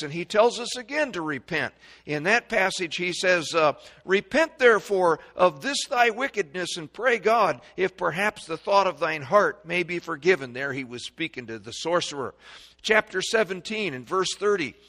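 A man preaching a sermon, reading scripture in old-fashioned wording and calling out verses, swinging between loud stresses and quiet asides, recorded in a church sanctuary. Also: a little high, animated, moderate pace. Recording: long reverb of a large hall.

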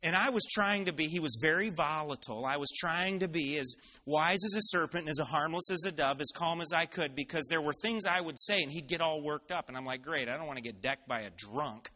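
A male pastor telling a personal story in an animated sermon. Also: fairly high pitch, brisk, hardly any pauses.

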